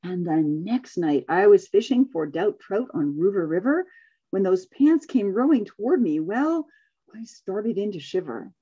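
Woman facilitator, husky tone, expressive storyteller, dull video-call sound. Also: mid-range voice. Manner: expressive storytelling, laughs often, quick when chatting. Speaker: workshop facilitator. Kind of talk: reading a rhyming story aloud, then leading group discussion.

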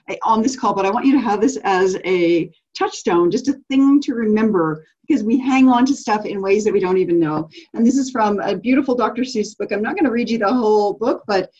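A woman's voice: medium pitch, a little mellow, lo-fi sound. A woman leading a business coaching group call, enthusiastic and affirming, laughing often as she talks.

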